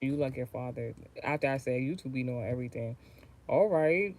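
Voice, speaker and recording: A woman's voice: a bass voice, expressive, a little fast, darkish tone. Chatty profane American woman. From United States. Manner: rambling, profane, chatty, often trailing off and restarting. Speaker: tarot card reader. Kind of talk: casual livestream chat and tarot reading.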